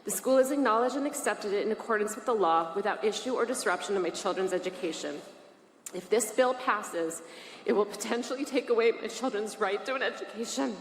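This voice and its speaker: A woman's voice: mid-range voice, a little fast. A woman in her forties from Massachusetts, a parent reading prepared testimony at a public hearing in a formal, earnest and emotional way. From Massachusetts, USA. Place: large state legislative hearing room. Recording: echoey hall from mid distance, faint hiss.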